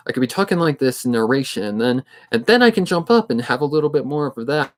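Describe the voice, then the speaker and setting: He's a man in his twenties with a mid-range voice, speaking at normal speed. A narrator of fanfic readings, he chats casually on a livestream, steady and somewhat monotone, thinking aloud as he talks.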